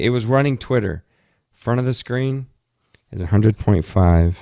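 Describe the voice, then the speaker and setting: A man's voice: lowish voice, expressive, a little slow, warm tone, no echo. A tired man chatting casually about his gadgets as a podcast host, rambling with frequent restarts. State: tired, yawning. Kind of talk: casual tech talk.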